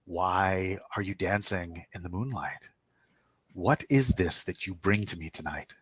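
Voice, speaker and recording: A man voicing a playful, mischievous female spirit of buzzing bees in a tabletop game, speaking in a hushed, slow, lilting way. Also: low voice, husky, pitched below the performer's own voice, heavily acted.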